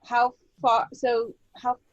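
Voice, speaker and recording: A woman running a tabletop game as game master, relaxed and thinking aloud with lots of fillers. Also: fairly high pitch, slow, no room sound, dull audio.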